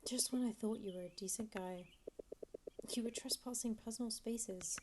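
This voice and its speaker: A woman voicing a cold, angry teenage girl in a video game who talks in curt, hushed lines. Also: a little high, moderate pace, noisy background, natural voice. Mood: hostile. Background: game music.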